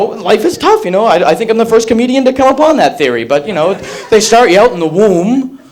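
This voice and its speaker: A young man from Massachusetts doing a stand-up comedy set, with a wry, rapid-fire delivery. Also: high-pitched. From Massachusetts, USA.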